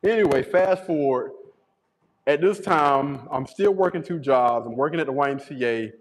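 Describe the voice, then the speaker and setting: A man YouTuber telling a story in a casual, animated, slangy way, often repeating his words. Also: medium pitch, moderate pace, long reverb tail, rough recording.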